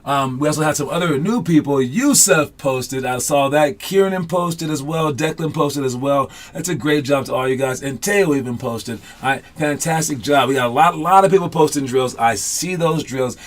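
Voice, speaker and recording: A man's voice: fairly high pitch, normal speed, hardly any pauses. A man coaching basketball in a casual online class, loose and chatty with many fillers, upbeat and encouraging.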